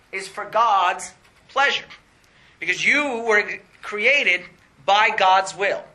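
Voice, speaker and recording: Bright, animated young male preacher. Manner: animated, laughing often, rising to excited pitch. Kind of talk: sermon.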